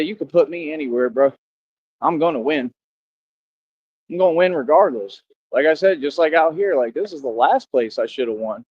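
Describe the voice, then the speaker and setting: Man, confrontational street talk, boastful vlogger, slightly high voice, muffled lo-fi sound. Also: no room sound. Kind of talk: street monologue to viewers. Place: outdoors.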